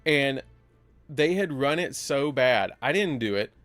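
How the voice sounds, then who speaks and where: A man's voice: medium pitch, lively intonation, unhurried, a bit bright, no echo, soft background music. A man hosting a live game stream, telling a story casually and acting out both sides of the argument. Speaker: livestream host.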